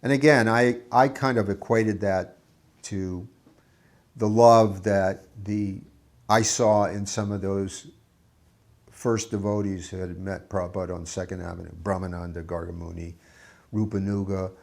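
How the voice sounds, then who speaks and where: A man with a low, gravelly voice reminisces in an interview. He speaks earnestly and reflectively. He often pauses and restarts his sentences. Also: steady tone, a little mellow. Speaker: devotee recalling memories.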